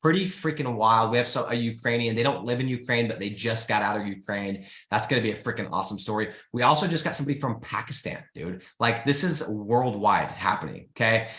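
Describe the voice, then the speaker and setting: Fairly low-pitched and brisk, this man barely pauses as he hosts a live business show from an echoey room. He's giving a motivational live-stream talk, casual and energetic, pleading with listeners to get started and repeatedly calling out "guys" and saying "freaking."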